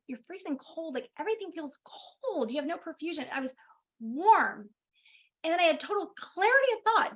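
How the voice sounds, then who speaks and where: Middle-aged woman, physician guest, lively storytelling, slightly high voice. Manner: animated storytelling, lively laughs. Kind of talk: personal story in a webinar.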